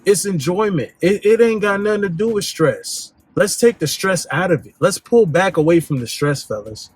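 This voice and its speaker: A man hosting a dating advice talk, speaking bluntly in slang and swinging his pitch up and down for emphasis. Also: expressive, moderate pace, breathy edge. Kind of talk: casual direct-to-camera monologue.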